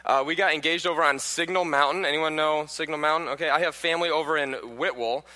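Brief: bright, forceful male preacher in his 30s, jokey, echoey hall. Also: a little high, fairly even intonation, quick pace. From Pennsylvania. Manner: joking, questions the audience. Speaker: guest preacher. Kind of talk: sermon with humorous stories.

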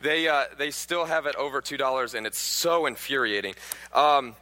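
Brief: bright, forceful male preacher in his 30s, jokey, echoey hall. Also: medium pitch, normal speed. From Pennsylvania. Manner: joking, questions the audience. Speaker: guest preacher. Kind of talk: sermon with humorous stories.

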